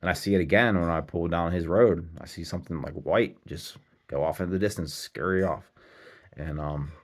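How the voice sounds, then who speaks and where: A man's voice: sits low, steady tone, moderate pace. A middle-aged man telling a rambling, earnest personal story in a casual vlog, full of restarts and asides.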